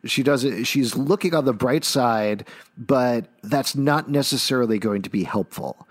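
A man's voice: medium pitch, a little slow, dry recording, clean studio sound. Enthusiastic man recapping a comic. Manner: enthusiastic, recaps at length with filler "uh". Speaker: podcast co-host. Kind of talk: casual comic book discussion.

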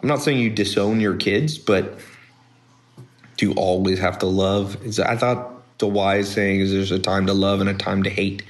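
A man hosting a podcast, talking in a blunt, rambling casual monologue with animated asides. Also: low voice, moderate pace, reverberant. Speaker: podcast host.

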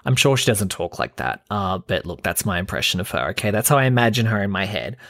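A man's voice: fairly low pitch, big pitch swings, quick pace, gravelly, fairly bright tone, no echo. A young Australian man hosting a gossip commentary vlog, sarcastic and throwing shade. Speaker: host.

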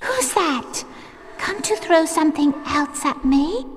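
A woman's voice: high voice, lively intonation, takes it slowly, a little hiss or hum. An actress playing a whiny, sulky teenage ghost girl, heard in a film clip. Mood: sulky, self-pitying. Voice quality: whiny, wounded and self-pitying. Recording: film clip with long hall reverb.

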